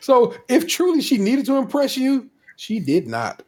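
A man's voice: extremely high pitch, wildly swooping pitch, a little slow, a little mellow. A man co-hosting a podcast, chiming in with slangy, emphatic remarks in casual chat. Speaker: podcast co-host.

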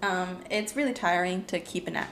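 A woman's voice: on the low side, moderate pace, a bit bright. A woman with a Californian accent, co-hosting a casual podcast chat in a giggly, self-deprecating way on a shared microphone. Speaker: podcast co-host. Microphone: single shared microphone. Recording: echoey room, faint background noise.

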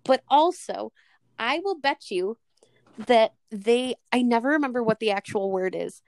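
A woman co-hosting a podcast in casual chat, animated and swearing freely, often acting out scenes. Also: on the high side, measured pace, vocal fry, no room sound, studio quality. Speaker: podcast co-host.

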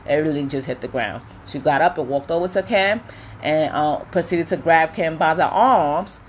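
Chatty, opinionated woman with a lowish voice. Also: normal speed, a little hiss or hum. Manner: chatty, opinionated, animated retelling with quoted voices; many fillers like um and you know. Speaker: commentator recapping a reality show. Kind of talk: casual chat.

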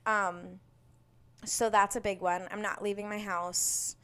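A woman's voice: mid-range voice, level tone, slow, fairly bright tone, clean tone. A young woman hosting a podcast, chatting casually and bubbly, with lots of fillers. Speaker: podcast host. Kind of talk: casual solo chat.

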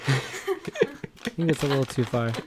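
A man's voice: mid-range voice, normal speed, noisy background. A young man co-hosting a casual podcast chat, teasing his friend and laughing often. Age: young adult. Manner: teasing, laughing, mock voices for jokes. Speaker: podcast co-host.

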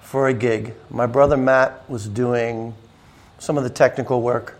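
A man, a musician guest, chatting casually and telling animated stories. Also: a little slow. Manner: animated storyteller, raises pitch to imitate others. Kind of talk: casual chat.

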